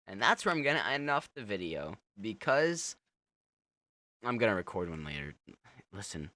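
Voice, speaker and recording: In a dry recording, a young gamer's lowish, sharp-toned voice swings widely in pitch at a moderate pace. Playing a horror game, he keeps his commentary casual, mocking the monster amid lots of laughter.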